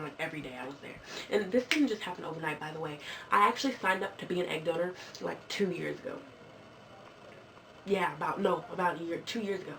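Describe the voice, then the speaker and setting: A woman in her twenties telling a story casually and jokingly on a vlog, jumping into squeaky high voices when she quotes people. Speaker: vlogger. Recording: far from the mic with clear background music.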